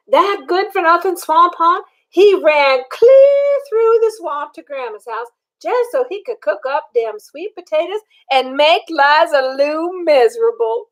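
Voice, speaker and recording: An older woman reading a picture book aloud to children, animated and stopping to ask them questions. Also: high-pitched, a little slow, hardly any pauses. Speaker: storyteller.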